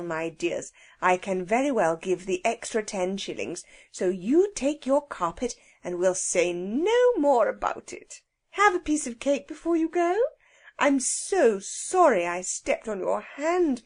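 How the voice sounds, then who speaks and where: A woman reading a children's storybook aloud, voicing a sour middle-aged woman who turns jolly, shrill when cross and drawn-out when kind. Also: very animated, a little mellow. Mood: warm, jolly.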